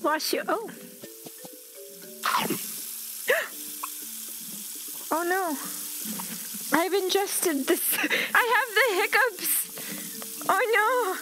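A woman's voice: extremely high pitch, lively intonation, very slow, pauses often, music in the background. A young woman commenting on a game, gasping, squealing and talking baby-talk to the animals. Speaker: gaming video creator. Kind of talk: excited gameplay commentary.

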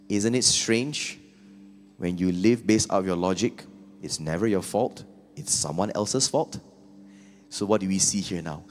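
A man's voice: sits low, a little slow. A male pastor preaching a sermon, earnest and reflective, with rhetorical questions. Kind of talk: sermon with scripture reading.

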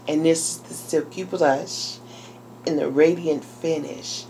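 A woman vlogger chatting casually while unboxing a package, talking excitedly to her viewers. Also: low voice, slow pace, slight background noise. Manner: chatty and exclamatory, addressing viewers as y'all. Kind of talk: casual unboxing vlog chat.

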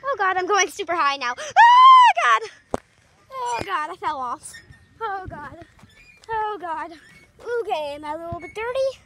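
A woman's voice: very high-pitched, expressive, measured pace. A woman doing a squealing, clumsy little girl. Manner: chatty running self-commentary, squealing and yelping. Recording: noisy background.

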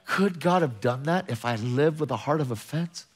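A fervent man preaching to a congregation, firing off rhetorical questions with emphatic energy. His voice sits at a middling pitch with an ordinary, unforced timbre, and he swings from urgent bursts down to quiet, pointed asides. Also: animated, moderate pace, breathy edge. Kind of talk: sermon.

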